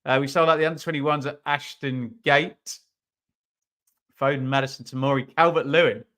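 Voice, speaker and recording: A man's voice: medium pitch, fairly even intonation, normal speed, fairly bright tone. A man running a live football watch-along, chatting casually about the match and reading out viewer comments.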